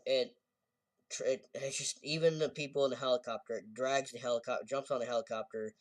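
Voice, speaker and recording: Recorded far from the mic with heavy echo, a game reviewer speaks fairly quickly and steadily in a mid-range voice. He casually runs through a story's plot, rambling and correcting himself as he goes.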